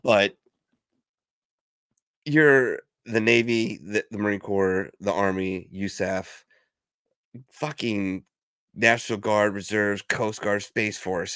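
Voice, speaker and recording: A man's voice: on the low side, unhurried, a bit bright, no echo. A man hosting a casual livestream, rambling with profane asides over a video call. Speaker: livestream host. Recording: dry close stream audio.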